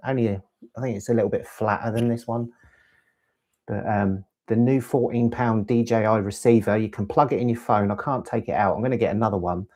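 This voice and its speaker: A man with a lowish, darkish voice hosts a LEGO channel's casual live stream. Rambling and chatty, he reads the chat aloud and responds to viewer questions about gear.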